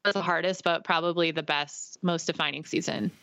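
Bright, clear-voiced woman sharing testimony. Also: lowish voice, a little fast, no echo. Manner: earnest, animated storytelling with acted-out dialogue. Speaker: guest. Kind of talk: faith testimony in casual chat.

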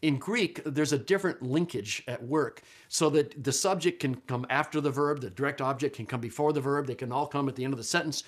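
Man lecturing with slow, stressed quotes. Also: medium pitch. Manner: conversational, thinks aloud with many restarts and fillers; slows and stresses quoted verses. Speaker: lecturer on Bible translation. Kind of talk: classroom lecture.

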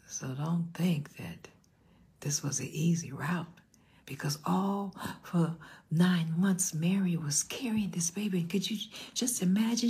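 Very husky older woman preaching. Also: on the low side, unhurried. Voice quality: very husky, breathy. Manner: animated, voices the people in her story. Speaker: pastor. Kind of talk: storytelling sermon.

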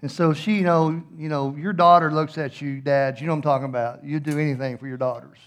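A middle-aged man, a pastor preaching a sermon and telling a funny story with animated, playful acted-out voices. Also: on the high side, quick pace.

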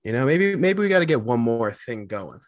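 A man's voice: medium pitch, very animated, normal speed, no room sound. A man co-hosting a podcast, talking animatedly as he builds up a surprise for his co-hosts. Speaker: podcast co-host. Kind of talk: casual chat.

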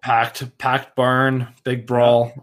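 A young man co-hosting a casual sports podcast, telling excited stories with lots of "like" and some swearing. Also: medium pitch, extremely slow. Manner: excitable, swears, animated storytelling. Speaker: podcast co-host.

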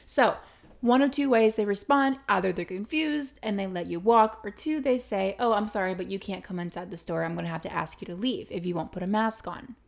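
Gravelly-voiced chatty woman co-host. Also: medium pitch. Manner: chatty, storytelling, quick asides. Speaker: podcast co-host. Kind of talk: casual chat.

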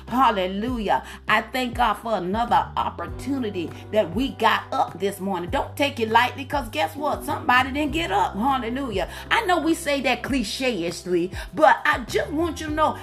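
Woman minister, fervent sermon full of hallelujahs, slightly high voice. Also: expressive, normal speed, hardly any pauses, a bit bright. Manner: fervent preaching with frequent hallelujahs. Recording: faint music behind.

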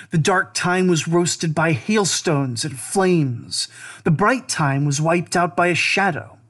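Brief: male narrator, slightly higher voice, grave and deliberate recitation of an ancient lament.

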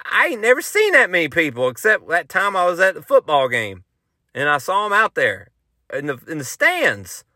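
A Southern-accented man spins a folksy, joking yarn with a voice that leaps up and down. His tone is bright and lively. He is recorded close and dry in a home studio. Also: fairly high pitch, normal speed, no echo. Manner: folksy, animated, joking, tall-tale delivery. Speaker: podcast host, country musician. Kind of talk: casual storytelling.

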